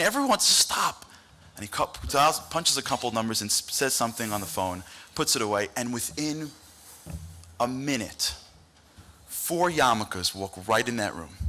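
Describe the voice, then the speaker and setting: A man from the United States tells an animated story to a dinner crowd, speaking into a podium microphone. His voice is bright and forward, and he drops into the voices of the people in his story. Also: mid-range voice, a little hiss or hum. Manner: animated, acts out quoted voices. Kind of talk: storytelling speech. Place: banquet hall event.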